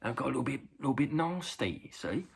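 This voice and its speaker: A middle-aged Englishman, a vlogger reacting to a video, tells a loose, rambling story packed with "uh"s. His mid-range voice has a gravelly, husky edge, and he talks fast and very animatedly, leaping into loud acted quotes.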